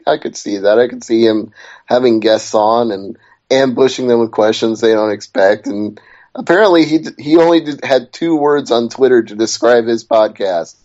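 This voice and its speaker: A male podcast co-host in casual chat, chatty and wandering off topic before reining it back in. His mid-pitched voice comes through dull, lo-fi podcast audio. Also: normal speed, darkish tone.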